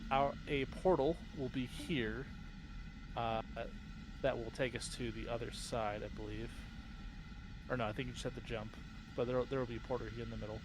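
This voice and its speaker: A man's voice: medium pitch, fairly even intonation, moderate pace. Man leading a raid over noisy voice chat. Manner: instructive, with frequent uh and um. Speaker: raid leader. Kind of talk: game voice chat, explaining tactics.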